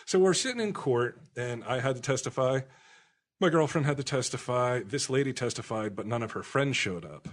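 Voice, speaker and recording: A man co-hosting a podcast, telling a story in a casual, animated way with plenty of swearing. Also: medium pitch, normal speed. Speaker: podcast co-host.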